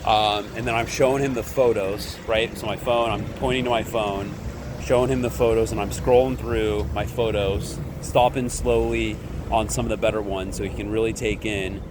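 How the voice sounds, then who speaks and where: A man's voice: lowish voice, steady tone, normal speed, noisy background. A man chatting casually to camera about his vending business, rambling and ending nearly every sentence with "right?". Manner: acts out quoted dialogue in his retelling. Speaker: candy vending business vlogger. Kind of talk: casual vlog talk to camera.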